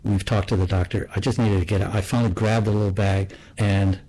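A man with a lowish voice tells a personal story. His delivery is soft, reflective and unhurried in feeling, and he keeps it low-key throughout. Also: flat delivery, rough recording.

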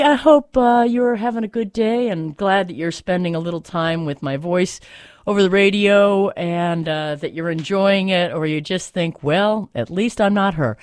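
A woman's voice: mid-range voice, moderate pace, darkish tone, dry recording. A woman hosting a radio show, musing aloud in a meandering monologue full of fillers and restarts, from a studio. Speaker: radio host. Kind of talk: rambling solo radio monologue.

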